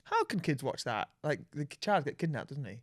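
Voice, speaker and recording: A man's voice: fairly high pitch, sing-song, fairly quick, dry recording, clean studio sound. A man, co-hosting a podcast in casual chat, speaking reflectively and restarting his sentences. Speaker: podcast co-host.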